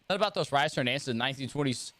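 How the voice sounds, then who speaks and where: A man's voice: medium pitch, expressive, racing, a bit bright, soft background music. A man live-streaming a baseball video game, chatting casually and joking around with silly voice impressions. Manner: jokey, tries silly voice impressions, repeats lines. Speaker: gaming streamer. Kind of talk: casual live-stream chat while playing.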